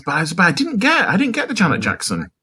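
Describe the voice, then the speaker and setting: Husky man, dramatic and emphatic. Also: sits high, huge pitch swings, fast, sharp tone. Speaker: podcast co-host. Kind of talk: casual chat.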